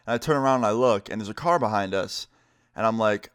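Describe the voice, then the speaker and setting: A man's voice: fairly low pitch, fast, clean tone, no echo, clean studio sound. Laid-back young man telling a story. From United States, New York. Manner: relaxed, slangy, acts out quotes in his own voice. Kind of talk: casual storytime.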